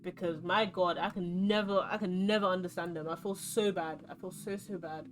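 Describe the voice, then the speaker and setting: A young Londoner with a London accent chats and rambles while playing a card game on stream, her voice on the low side and her pace moderate. There's slight background noise. She tells stories animatedly as she goes.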